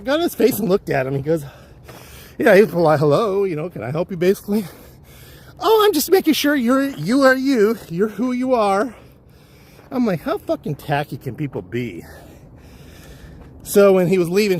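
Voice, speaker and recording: A man's voice: on the high side, darkish tone. A man livestreaming while hiking a trail, casually telling a wandering, profane story. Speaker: livestream vlogger. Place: outdoor hillside trail.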